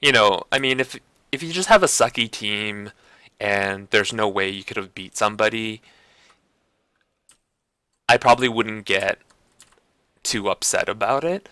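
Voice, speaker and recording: A man's voice: fairly low pitch, unhurried, long pauses, sharp tone, clear, resonant tone, no room sound. A man streaming and chatting casually, rambling along and restarting his sentences with lots of fillers. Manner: heavy use of like and you know. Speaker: gaming streamer. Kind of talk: casual chat.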